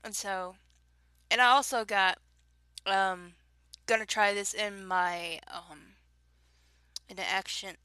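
Young adult woman, Southern US accent, casual giggly vlogger; unhurried delivery, forceful tone. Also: medium pitch, clean tone, no room sound. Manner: giggly, self-mocking, chatty with filler. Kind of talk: casual word-list challenge.

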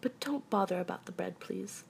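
A woman's voice: mid-range voice, normal speed, vocal fry, darkish tone, a little hiss or hum. A woman voicing a simple, honey-loving male teddy bear who talks plaintively, often in a whisper, in a storybook reading.

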